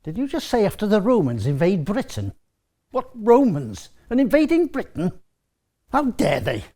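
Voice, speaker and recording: A man's voice: high voice, huge pitch swings, moderate pace, mellow, exaggerated voice. A man playing a proud, hot-headed Celtic farmer in an educational drama, telling his tale earnestly and flaring into indignant bluster. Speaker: actor playing a figure.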